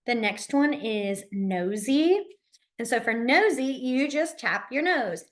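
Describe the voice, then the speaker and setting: Woman, young adult, sign language teacher, chatty, laughs a lot, slightly high voice. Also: expressive, takes it slowly. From Alabama. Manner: chatty, laughs often, frequent "like" fillers. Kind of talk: casual classroom instruction.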